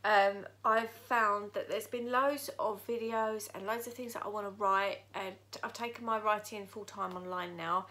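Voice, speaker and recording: Woman vlogger, bright tense voice, shaken but candid, talking to camera from her living room. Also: medium pitch, steady tone. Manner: emotional, halting, candid. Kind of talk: personal vlog talking to camera.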